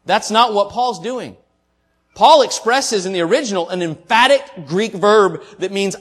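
A man preaching a sermon as pastor, speaking earnestly and from the heart, his voice swelling and falling in loudness. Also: high voice, expressive, measured pace. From Southern United States.

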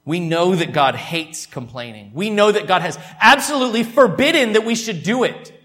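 Male pastor, fairly high voice, emphatic sermon delivery with hushed asides. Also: expressive, moderate pace. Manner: emphatic, swings from loud to hushed, repeats words. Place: church.

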